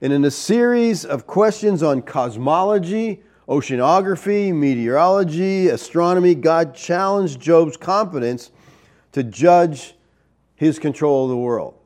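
A man preaching a sermon in an animated way, with rhetorical asides to the congregation. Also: fairly high pitch, measured pace. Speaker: pastor.

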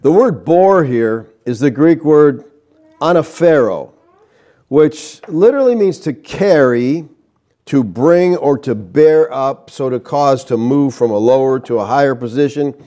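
A man preaching an expository sermon, reading scripture aloud in a measured teaching delivery with emphatic stresses on key words. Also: medium pitch, lively intonation, dark tone.

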